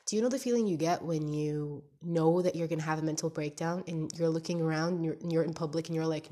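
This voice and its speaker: A woman in her twenties records a candid video diary, her nose stuffed up from crying. She speaks English as a second language, with a slightly low voice, and rambles as she hunts for the right words. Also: fairly even intonation, fast talker, few pauses, mellow. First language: not English. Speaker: podcaster. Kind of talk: casual confessional video diary.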